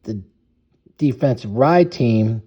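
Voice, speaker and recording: A man's voice: medium pitch, expressive, takes it slowly, slightly rough, lo-fi sound. A man coaching youth lacrosse, explaining a play step by step, methodical and stopping to correct and restate himself.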